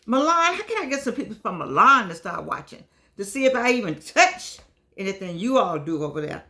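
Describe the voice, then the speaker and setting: An older woman chatting casually to her viewers in a vlog, lively and affectionate, wandering from one aside to the next. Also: mid-range voice, a little fast. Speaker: vlogger.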